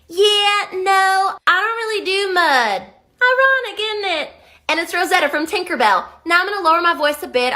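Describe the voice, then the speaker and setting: A woman, an actor, walking through how she builds character voices step by step, in a lively way. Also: sits high. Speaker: actor demonstrating voice impressions. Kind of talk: explaining voice technique.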